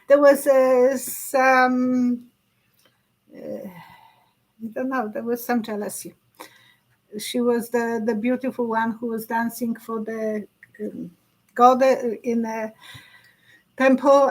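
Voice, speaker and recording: Husky, halting middle-aged woman psychic. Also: on the high side, poor audio. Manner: halting, searching for words, laughs often. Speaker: psychic host. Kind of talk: casual live-stream chat.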